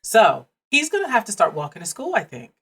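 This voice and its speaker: A woman's voice: mid-range voice, huge pitch swings, brisk, breathy edge. A woman in her forties co-hosting a podcast, chatting bluntly and laughing often. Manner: blunt, laughing, acts out quotes. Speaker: podcast co-host. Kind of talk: casual chat.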